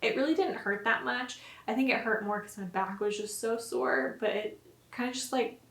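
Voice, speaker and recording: A woman's voice: fairly high pitch, moderate pace, creaky, a bit bright. A young woman vlogger casually retelling a personal story to camera, chatty and full of "like" fillers. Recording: roomy echo.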